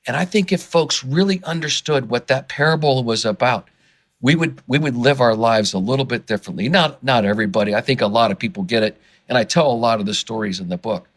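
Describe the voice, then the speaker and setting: A man's voice: mid-range voice, fairly quick. A man speaking as a guest in a podcast interview, passionate and getting worked up, earnest, with many restarts and repeated words. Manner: passionate, gets worked up and excited. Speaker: interview guest, fundraising consultant.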